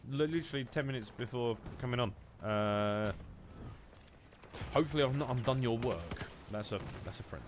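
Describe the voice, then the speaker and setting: A young British man with a mid-range voice and a blocked, nasal nose rambles and swears at a moderate pace, chatting casually to his live-stream audience while he plays. He's on a headset microphone, and there's a little hiss or hum.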